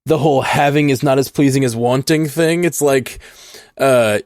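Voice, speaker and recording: A man's voice: mid-range voice, a little mellow, dry recording. Male co-host, casual chat, hesitant delivery full of "like" and "uh", dry close sound. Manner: halting, full of fillers and restarts. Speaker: podcast co-host.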